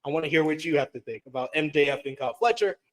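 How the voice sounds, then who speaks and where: High-voiced man recapping wrestling. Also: low-quality recording. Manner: fast play-by-play recap with excited asides. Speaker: wrestling show reviewer. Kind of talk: casual recap of a wrestling show.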